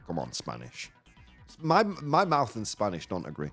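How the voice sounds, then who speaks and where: A man's voice: mid-range voice, huge pitch swings, unhurried, pauses often, faint music behind. A man hosting a casual live morning show, joking playfully and dropping in Spanish phrases. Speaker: radio show host.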